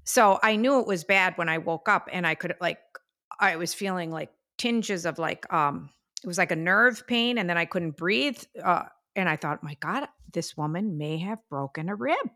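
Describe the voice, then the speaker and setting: Gravelly, bright-voiced older woman. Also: fairly low pitch. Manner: chatty storyteller, sighs and drawn-out fillers. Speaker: podcast co-host. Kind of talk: casual chat.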